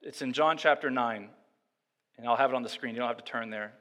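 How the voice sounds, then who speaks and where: A male pastor preaching a sermon, moving between quiet, slow reflection and loud, emphatic passages. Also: mid-range voice, in a large hall.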